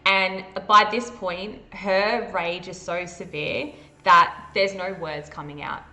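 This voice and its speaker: A woman with an Australian accent running a tabletop horror game as game master, describing the scene vividly and halting often with fillers. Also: medium pitch, fairly even intonation, sharp tone.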